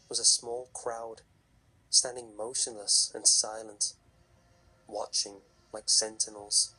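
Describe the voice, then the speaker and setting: A man reading a horror story aloud in a slow, measured, hushed narration with a husky voice. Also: on the low side, poor audio.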